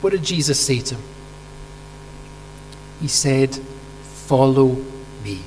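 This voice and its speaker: Vivid storytelling, rhetorical questions, and acted-out quotations shape this man's sermon. His mid-range voice is animated yet keeps a measured pace, and faint mains hum sits under the hall reverb.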